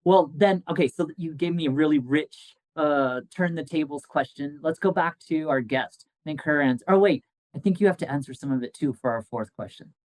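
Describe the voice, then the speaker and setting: A man hosting an interview, reflecting on what guests say and gently probing with soft affirmations. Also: on the high side, moderate pace, no echo, rough recording. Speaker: host.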